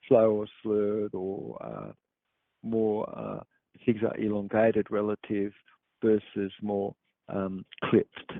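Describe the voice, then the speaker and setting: A man's voice: on the low side, vocal fry, no echo. Rambling man on a tinny line. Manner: rambling, halting, many fillers and restarts. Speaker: podcast host. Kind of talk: meandering explanatory monologue. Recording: dry tinny phone-like sound.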